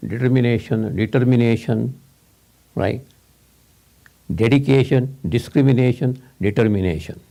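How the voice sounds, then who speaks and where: A man's voice: mid-range voice, mellow. A man giving a rambling, informal talk to a small audience, repeating words and laughing often.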